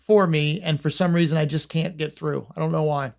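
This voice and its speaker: A man with a somewhat high voice hosts a podcast, talking in a casual, friendly way. He sometimes trails off and searches for words. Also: fairly even intonation, a little fast, vocal fry. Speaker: podcast host. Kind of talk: casual chat.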